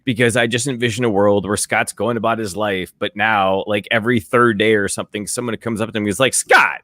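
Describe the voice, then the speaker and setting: A man co-hosting a sports podcast in casual banter, excitable and acting out imagined scenes. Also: on the low side, brisk, no room sound. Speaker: podcast co-host.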